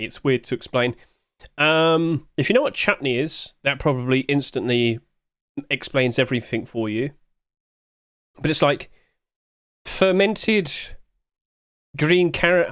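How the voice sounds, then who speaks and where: A man's voice: fairly high pitch, fairly bright tone, smooth, no echo, studio quality. A British man from the UK, streaming from home and chatting casually and jokily with his viewers. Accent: British English. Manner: chatty, jokey, talks to his chat while eating.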